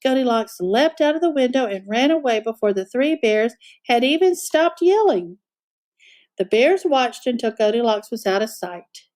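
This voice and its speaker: Lady reading a kids storybook out loud, high voice, swoops a lot. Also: normal speed. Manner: expressive, animated. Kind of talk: picture-book read-aloud.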